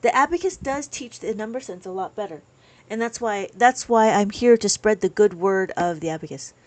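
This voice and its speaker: A woman's voice: medium pitch, normal speed, no echo. A woman teaching abacus on a live stream, chatting with viewers and reading their comments aloud.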